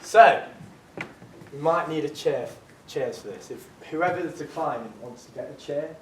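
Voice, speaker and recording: Male drama teacher, kinda high voice, giving instructions from across an echoey studio. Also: moderate pace. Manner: upbeat, encouraging instructions. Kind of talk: leading a drama workshop. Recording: echoey room, distant mic, faint noise.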